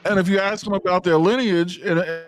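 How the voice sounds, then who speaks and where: A man's voice: high-pitched, steady tone, brisk. Insistent man lecturing a panel. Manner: insistent, lecturing, cuts others off. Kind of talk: livestream panel discussion.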